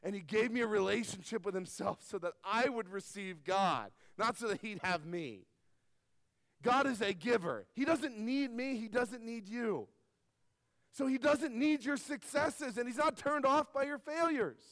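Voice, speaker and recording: A middle-aged man preaching a sermon, stressing key words loudly and dropping to quiet asides. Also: extremely high pitch, unhurried, no echo. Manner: emphatic preaching that swings between loud stresses and soft asides. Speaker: pastor.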